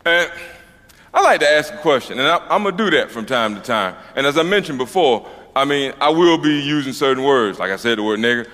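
This stand-up comic, a middle-aged Southern-accented man from Georgia, talks fairly quickly in a mid-range voice that fills a large hall. His onstage story is loose and profane, and he plays it up with lively energy, doing the voices himself.

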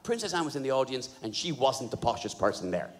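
A man doing a stand-up comedy set, sweary and animated, laughing at his own jokes. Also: mid-range voice, quick pace. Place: live comedy venue. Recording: live venue, roomy hall echo, crowd noise.

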